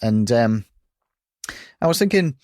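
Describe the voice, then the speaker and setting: A man's voice: mid-range voice, lively intonation, takes it slowly, darkish tone, no room sound. Chatty man, dry close sound. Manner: chatty storytelling with acted-out quotes. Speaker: podcast co-host. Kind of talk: casual podcast chat.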